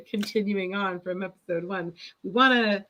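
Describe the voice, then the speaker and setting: A young woman hosting a casual podcast, her voice bright and forward. She teases playfully and laughs easily, at a middling pitch. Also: a little slow, muffled recording. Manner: laughs often, playful teasing. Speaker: podcast co-host. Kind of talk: casual chat.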